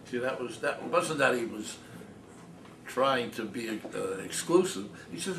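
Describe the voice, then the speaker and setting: An older man tells stories to a cafe audience, laughing and mimicking others as he goes. He sits away from the microphone, so his voice arrives echoey and a little distant. Steady background noise runs under the whole talk. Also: medium pitch, unhurried, gravelly. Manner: animated, laughing storyteller, mimics his father's voice. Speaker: author giving a talk. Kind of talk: anecdotal storytelling talk. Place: small cafe, audience present. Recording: roomy, distant mic, noisy.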